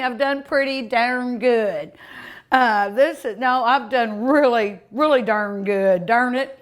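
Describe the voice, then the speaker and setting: A woman's voice: a little high, slow. A woman hosting a cooking show, tasting food in casual commentary, savoring each bite with delighted hums and exclamations.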